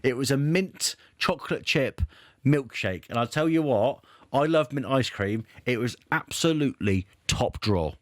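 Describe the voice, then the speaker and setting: A man's voice: mid-range voice, lively intonation, moderate pace, no room sound, studio quality. A young man hosting a casual chat, jokey and chatty. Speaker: podcast host.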